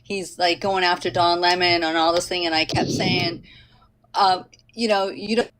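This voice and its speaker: A woman on a live stream telling how mad she got, venting quickly. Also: lowish voice, little pitch movement, fairly bright tone, a little hiss or hum, rough recording. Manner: upset, venting fast.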